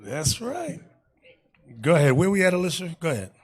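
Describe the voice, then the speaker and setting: A man teaching a class as a bishop, in animated sermon style, shouting and acting out the voices in his anecdotes. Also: high-pitched, normal speed, breathy edge.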